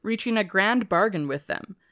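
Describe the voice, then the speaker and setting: A woman's voice: mid-range voice, expressive, moderate pace, a bit bright, no echo, clean studio sound. A woman co-hosting a podcast, steadily explaining from prepared notes with casual asides. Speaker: podcast co-host.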